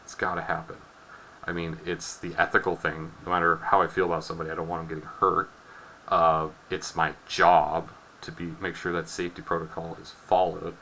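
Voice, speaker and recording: A man's voice: low voice, little pitch movement, a little fast, bright, forceful tone, slight background noise, poor audio. A man in his twenties, a chemistry teacher telling a wry classroom story and then working through a problem. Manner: wry storytelling, acts out students' voices. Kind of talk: recorded chemistry lesson with anecdote.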